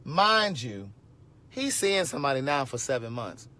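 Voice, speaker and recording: A man in his forties telling a story to his viewers in a casual livestream, animated and sassy, with frequent asides. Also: medium pitch, a little slow. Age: 40s.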